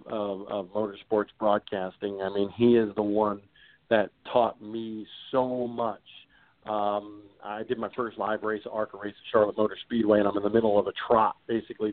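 A man's voice: on the low side, dry recording. A middle-aged man, a motorsports broadcaster, answering interview questions in an eager, rambling way with many restarts. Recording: tinny phone-like audio.

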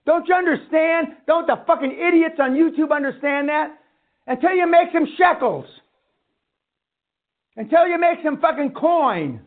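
Guy with a really high voice ranting and cussing at a seminar, sounds tinny like over a phone. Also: animated, moderate pace. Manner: blunt, swearing, ranting. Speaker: seminar speaker. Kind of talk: profane motivational lecture.

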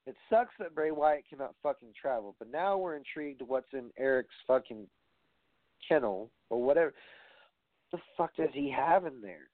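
A man's voice: mid-range voice, animated, normal speed, no room sound. A man hosting a podcast, ranting sarcastically with plenty of swearing and fillers. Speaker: podcast host. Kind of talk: casual wrestling podcast rant. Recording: tinny phone-like dry sound.

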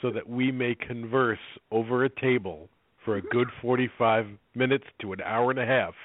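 Deadpan man cracking dry quips. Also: medium pitch, moderate pace, no echo, narrow, tinny audio. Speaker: podcast co-host. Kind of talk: casual comedy banter.

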